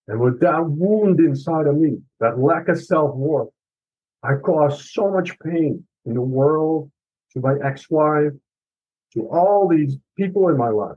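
Speaking slowly in a slightly high, husky voice with lively intonation, a middle-aged author shares his life story as a podcast guest. He is earnest, emotional, and confessional, swearing now and then, and the recording is muffled.

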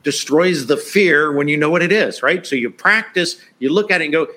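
A man in a casual live-stream chat who talks in a relaxed way, often laughing and tagging his points with "right?". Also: on the high side, a little fast, hardly any pauses. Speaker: LinkedIn expert co-host.

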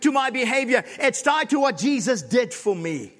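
Man pastor preaching a sermon, real high voice, big echoey church sound. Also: sing-song, moderate pace, faint music behind. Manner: preaching with repeated emphatic lines, builds to shouts. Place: church sanctuary. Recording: long hall reverb.

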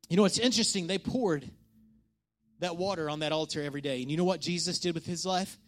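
With a slightly high voice and quick delivery, a male pastor gives an animated sermon, alternating loud appeals with hushed passages and questioning his congregation.

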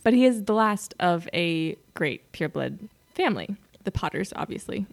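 A woman with a slightly low voice co-hosts a casual fan podcast. She explains eagerly and laughs often as she talks. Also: lively intonation, moderate pace, gravelly. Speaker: podcast co-host.

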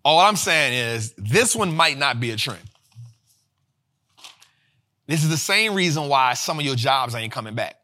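A man hosting a finance show, talking in energetic casual commentary, slangy and animated, repeating lines for emphasis. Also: mid-range voice, unhurried, long pauses.

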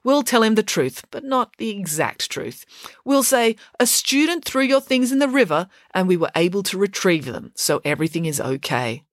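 A woman's voice: medium pitch, very animated, normal speed, dry recording, studio quality, voice pushed up, lightly acted. A woman voicing a clever, precise schoolgirl detective who reasons step by step. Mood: deductive. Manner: crisp, logical, deducing step by step.

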